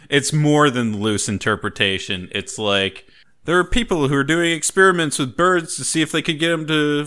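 A man hosting a casual movie podcast, playful and quick to laugh, with halting restarts. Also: mid-range voice, pushed and bright. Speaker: podcast host.

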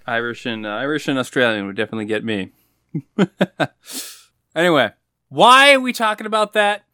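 A man's voice: mid-range voice, lively intonation, brisk, pushed and bright, clear, resonant tone, no room sound, studio quality. A man co-hosting a casual movie podcast, easygoing and hesitant, with many fillers. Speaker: podcast co-host.

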